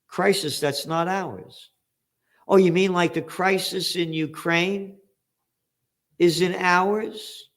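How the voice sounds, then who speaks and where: A man's voice: sits high, steady tone, slow, pauses often, a bit bright. An older American man hosting an opinionated current-affairs commentary, blunt and profane with sarcastic outbursts. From United States. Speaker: host.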